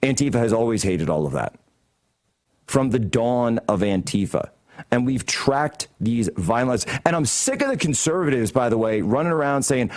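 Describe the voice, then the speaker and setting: A man's voice: mid-range voice, expressive, moderate pace. Male studio host, heated mocking commentary, mid-range voice. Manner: combative, sarcastic, mocking. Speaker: political talk show host. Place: broadcast studio.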